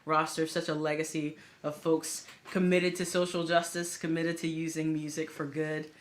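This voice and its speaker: A woman with a very low speaking voice talks earnestly and a bit haltingly in a casual livestream chat. A faint hum of background noise sits under her voice. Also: little pitch movement. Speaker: singer-songwriter.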